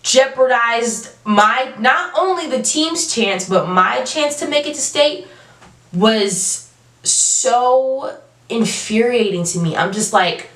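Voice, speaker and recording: A young adult woman telling a storytime vlog, animated and emphatic, with casual slang. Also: on the high side, takes it slowly. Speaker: vlogger. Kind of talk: storytime monologue. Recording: roomy, from a distance.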